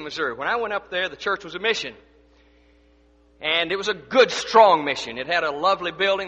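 A man preaching a sermon as pastor, swinging between loud declarations and hushed asides. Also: sits high, big-room sound.

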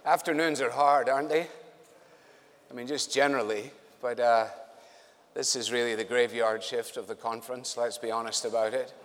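A male preacher gives a conference sermon in a relaxed, conversational manner, slipping in dry, wry jokes. His voice sits at an ordinary middle pitch. The sound rings with a long reverb, as if it was recorded across a large hall. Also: normal speed, a little hiss or hum.

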